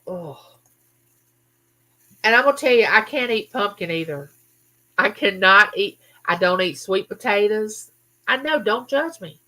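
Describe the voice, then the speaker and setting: A woman hosting a casual live chat, chatting with viewers and reading out their comments. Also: medium pitch. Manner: chatty, animated, talks straight to viewers. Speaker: livestream host.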